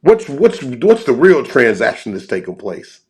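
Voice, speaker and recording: A man's voice: medium pitch, huge pitch swings, measured pace, darkish tone, husky. A middle-aged man, a football coach guesting on a podcast, telling a story earnestly and repeating words as he goes.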